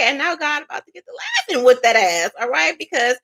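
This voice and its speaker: A woman tarot reader giving a blunt, profane, animated spiritual monologue in a casual way. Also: high voice, quick pace, gravelly.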